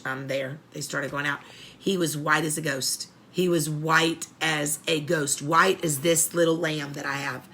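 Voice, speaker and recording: Low gravelly woman sharing advice. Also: fairly bright tone, a little hiss or hum. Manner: earnest, repeats herself, emotional and choked up. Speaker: host of an inmate family support show. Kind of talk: heartfelt advice talk.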